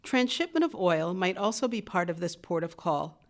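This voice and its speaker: A woman with a somewhat low voice reads a museum audio-guide script. Her delivery is measured and steady, the polished pace of scripted tour narration.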